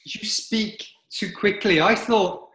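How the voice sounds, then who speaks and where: A man with a slightly high voice hosts a casual podcast. He rambles and hesitates, with plenty of ums. The room gives his voice a roomy echo. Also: fairly even intonation, slow, pushed and bright. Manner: rambling, hesitant, with many fillers. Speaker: podcast host. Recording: echoey room.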